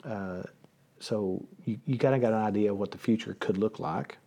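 Low husky-voiced pastor hosting a chat. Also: male voice, moderate pace, dark tone. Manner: joking, asks many questions. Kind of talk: casual conversation.

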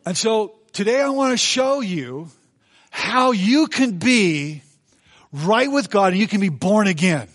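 A man's voice: high voice, expressive, unhurried, a bit bright. A man preaching a sermon in a church as pastor, folksy and conversational, acting out the people he quotes.

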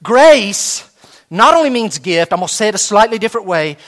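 Animated high-voiced male preacher. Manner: animated preaching with sudden soft drops and acted-out dialogue; slow emphatic repetition of key phrases. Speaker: pastor. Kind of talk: sermon.

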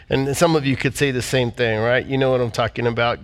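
A man's voice: medium pitch, fairly even intonation, fairly quick, hardly any pauses. A man leading a heartfelt sermon and prayer in church, speaking earnestly and repeating phrases. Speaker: pastor.

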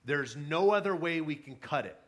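A young man preaches to his congregation in an easygoing, story-driven way. His voice is bright and sits a bit high, and he often stops to restart a phrase. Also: animated, normal speed. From California. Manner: conversational storytelling with many fillers and restarts. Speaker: pastor. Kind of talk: sermon.

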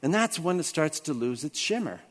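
A man preaching a sermon, telling a personal story with lively swings between hushed and excited delivery. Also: a little high, normal speed, long reverb tail. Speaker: pastor.

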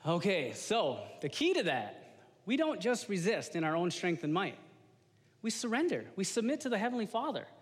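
A man in his thirties preaches in a loose, animated, slangy way, often talking straight to his congregation. His voice sits fairly high for a man. It carries a long reverb from a church hall. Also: normal speed. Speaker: lay preacher giving a testimony. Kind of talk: informal sermon.

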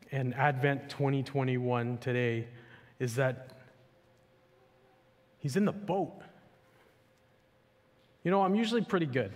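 A male pastor giving a sermon in a casual, conversational way, full of "like" and "you know", to a church. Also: mid-range voice. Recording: echoey hall with long reverb.

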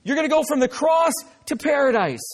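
Male pastor, very high voice, emphatic preaching with playful asides. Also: expressive, brisk. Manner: emphatic, repeats "listen" for emphasis, joking asides. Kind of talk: sermon.

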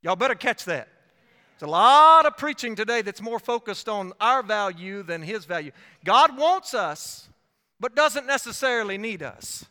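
A man preaching an evangelist's sermon with dynamic swings in loudness, often quoting himself as he tells a story. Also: high voice, big pitch swings, moderate pace. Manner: dynamic preaching with sharp swings in loudness and frequent self-quotation. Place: church sanctuary. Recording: long reverb of a church hall.

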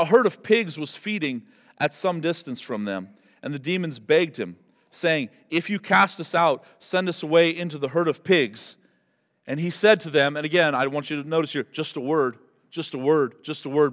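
Male pastor, mid-pitched, animated sermon storyteller with a long hall echo. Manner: animated storyteller, builds to loud emphatic peaks. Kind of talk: expository sermon.

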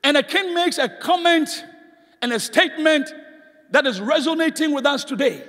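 A man preaching a sermon as guest speaker, passionately shouting calls for the congregation to respond, recorded in a church sanctuary. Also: very high voice, animated, moderate pace, in a large hall.

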